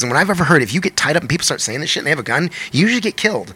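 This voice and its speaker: A man, a musician, telling a story in a fast, animated podcast chat, with lots of swearing. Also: fairly high pitch, breathy edge. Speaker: guest musician.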